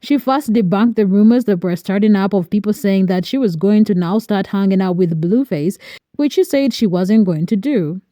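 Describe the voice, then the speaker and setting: A woman narrating a celebrity gossip recap in a steady, explanatory way. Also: medium pitch, moderate pace, no echo, studio quality. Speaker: commentary narrator. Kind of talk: scripted narration.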